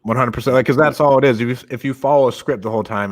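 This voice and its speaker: A young man co-hosts a casual podcast and speaks in a direct, energetic way. He sounds like he is coaching a team of callers. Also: medium pitch, very fast, few pauses. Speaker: podcast co-host.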